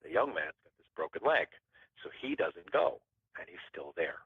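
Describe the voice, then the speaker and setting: A man's voice: low voice, big pitch swings, normal speed, breathy edge, dry recording. A man telling a story as a podcast guest in a casual, rambling way, often restarting his phrases. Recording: tinny phone-line sound.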